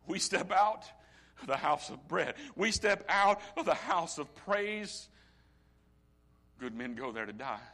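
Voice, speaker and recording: A middle-aged man preaching with a bright, forceful voice that sits a little high for a man. He drops to a near hush, then builds to ringing intensity, drawing out key phrases slowly for weight. A pastor in full sermon flow. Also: lively intonation. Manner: impassioned preaching that swings from hushed to loud; slow, drawn-out emphasis on key phrases.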